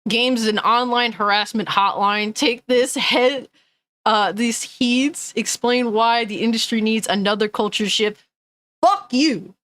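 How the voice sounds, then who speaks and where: A woman's voice: a little high, fairly even intonation, unhurried, fairly bright tone, no room sound. A woman gaming news streamer ranting angrily and bluntly, swearing often and reading chat comments aloud. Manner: angry, profane, blunt.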